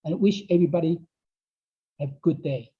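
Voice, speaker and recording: A man whose voice is a little high speaks at a moderate pace while teaching an online Dao class in English, which he speaks with non-native phrasing. Repetition and frequent "okay?" check-ins mark his delivery, heard through dull, lo-fi audio.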